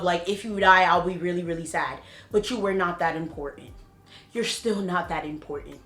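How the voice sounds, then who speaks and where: A young adult woman telling a storytime vlog, animated, laughing and blunt with profanity. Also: fairly high pitch. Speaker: vlogger. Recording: roomy echo.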